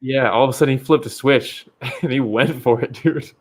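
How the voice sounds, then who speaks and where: A man's voice: mid-range voice, fairly quick. Male podcast co-host, casual fight talk, swears and laughs freely. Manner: loose, profane, laughs often.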